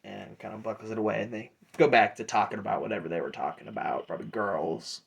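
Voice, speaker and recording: A man's voice: on the low side, fast talker, gravelly, slightly rough. Casual male game master. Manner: casual, rambling with fillers. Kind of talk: narrating a tabletop game.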